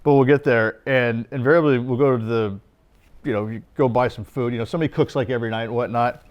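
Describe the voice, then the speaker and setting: A man's voice: mid-range voice, fairly even intonation, fast, muffled recording. A man telling casual, rambling golf anecdotes with many fillers and laughs. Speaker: golfer and guest. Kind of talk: casual storytelling chat.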